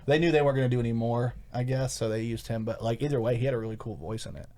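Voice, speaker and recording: Male podcast co-host, mid-pitched, easygoing banter with casual swearing. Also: dark tone. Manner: laid-back, swears freely, quick plugs for events.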